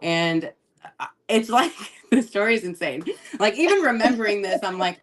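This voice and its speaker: A woman's voice: mid-range voice, brisk, fairly bright tone. A woman, a guest investor, telling a story casually and chattily, laughing often and saying "like" a lot.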